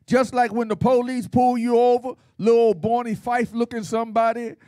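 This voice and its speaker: A man's voice: very high-pitched, level tone, normal speed, mellow, no room sound, studio quality. A man preaching at a Bible study in a folksy, playful style, with call-and-response and laughter. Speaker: pastor.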